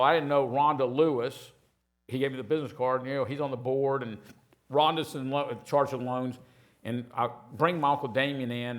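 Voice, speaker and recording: An older man from Houston, rambling through profane, self-mocking stories as a guest on stage. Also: medium pitch. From Houston, Texas. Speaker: restaurateur guest. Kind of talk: casual storytelling on stage.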